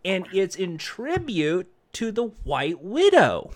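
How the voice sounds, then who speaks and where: A man co-hosting a comedic movie podcast, animated and quick with jokes. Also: high voice, dry recording, clean studio sound. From Russia. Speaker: podcast co-host. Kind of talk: casual comedic movie chat.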